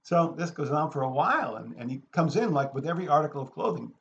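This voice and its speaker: Male raconteur, lively and acting out the people in his story; slightly high voice, muffled lo-fi recording. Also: fast talker. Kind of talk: anecdote told aloud.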